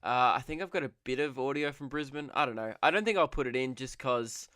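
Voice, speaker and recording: A man's voice: medium pitch, fast, bright, forceful tone, smooth, no echo, studio quality. A young man hosting his own comedy podcast, rambling and sarcastic, often laughing at his own jokes.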